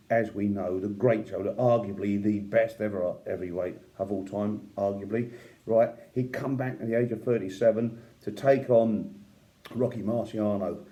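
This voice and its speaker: Guy with a lowish mellow voice chatting about old fights, lots of "yeah" and "right?". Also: steady tone, normal speed. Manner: conversational, with fillers and asides like "yeah" and "right?"; admiring, opinionated. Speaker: boxing commentator. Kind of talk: casual storytelling.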